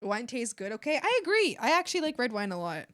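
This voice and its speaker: A woman's voice: fairly high pitch, very animated, fast talker, a bit bright. A woman streamer chatting casually with her viewers, laughing often and swearing offhandedly.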